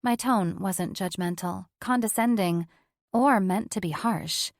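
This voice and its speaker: A woman's voice: medium pitch, unhurried, dry recording. A woman reading a first-person audiobook in a frank, sardonic, unfiltered way, on a close studio mic. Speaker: audiobook narrator.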